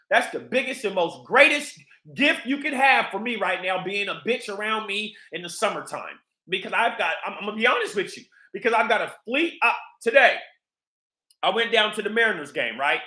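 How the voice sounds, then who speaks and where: Man, vlog host, casual profane rambling monologue, high bright voice. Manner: profane, rambling, animated storytelling. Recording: echoey room.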